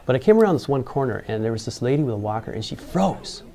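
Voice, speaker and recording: A man's voice: mid-range voice, big pitch swings, fast, vocal fry, mellow. A man being interviewed, telling a personal story in a rambling way with many fillers and restarts. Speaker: engineer interviewed about mascot costuming.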